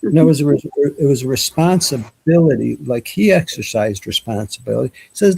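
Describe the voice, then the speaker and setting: Husky, gravelly man hosting a chat. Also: medium pitch, lively intonation, a little fast, few pauses, darkish tone, rough recording. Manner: reflective, rambling, preachy. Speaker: host. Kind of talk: casual chat.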